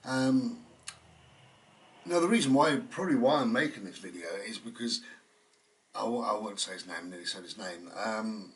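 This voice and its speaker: A man's voice: on the low side, lively intonation, normal speed, pauses often, far from the mic. A man, hosting his own channel and talking at home in a meandering, chatty monologue full of fillers. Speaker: channel host. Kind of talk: rambling reflective monologue. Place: indoors at home.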